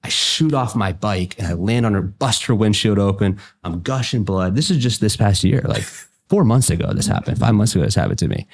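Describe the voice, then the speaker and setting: A very deep, gravelly man with an Appalachian accent, from West Virginia. He talks in a loose, folksy way, full of double negatives and casual swearing, as he coaches and tells stories. The grit in his voice stays under every line. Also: expressive, brisk, darkish tone. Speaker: life coach and podcast guest. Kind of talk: casual conversation.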